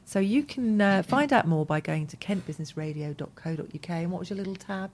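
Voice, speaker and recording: Co-host: a woman with a lowish voice, chatty and giggly, reading messages out on air. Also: quick pace, darkish tone, a little hiss or hum. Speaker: radio co-host. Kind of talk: casual radio chat.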